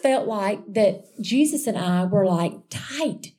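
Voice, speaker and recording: A woman sharing a personal faith testimony in a chatty, animated storytelling way, calling her listeners y'all. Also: mid-range voice, a little slow, hardly any pauses, slight background noise. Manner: chatty and animated, addressing listeners as y'all, with frequent restarts and asides.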